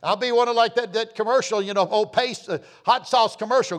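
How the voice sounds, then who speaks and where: A fiery preacher in his sixties with a high, ringing voice. He reads scripture slowly and with force, then drops to hushed, low asides and rises again to near shouts. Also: lively intonation. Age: 60s. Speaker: pastor. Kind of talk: sermon.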